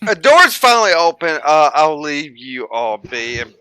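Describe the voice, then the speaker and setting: Guy at a tabletop game, bright edgy voice, kinda halting. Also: a little high, big pitch swings, clean tone, no room sound. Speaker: player. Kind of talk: tabletop role-play.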